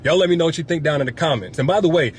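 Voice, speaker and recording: A man speaking earnestly in a mock-sincere statement that turns into a sales pitch. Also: very fast, a little hiss or hum. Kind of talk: parody sponsored pitch.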